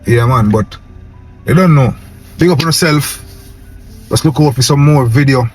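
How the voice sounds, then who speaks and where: A young man with a strong Jamaican Patois accent delivers a fervent rant straight to his viewers. He talks in a middling pitch, repeating himself and ending his sentences with "yo". Soft music plays faintly behind him. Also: normal speed. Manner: impassioned, preachy, repeats "yo" and "man". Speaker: vlogger. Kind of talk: casual rant to camera.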